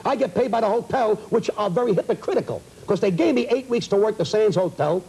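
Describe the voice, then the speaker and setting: Here a comedian guest complains with indignation during a heated talk show interview, ranting in rapid bursts. His voice sits high and is expressive and warm, with vocal fry and slight roughness, captured on rough old broadcast audio.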